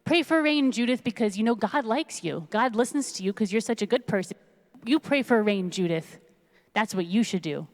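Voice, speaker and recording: A woman's voice: a little high, expressive, moderate pace. A woman voicing a bluff male town sheriff who speaks in a placating, patronizing way, heard with a long echo. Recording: long reverb in a large hall.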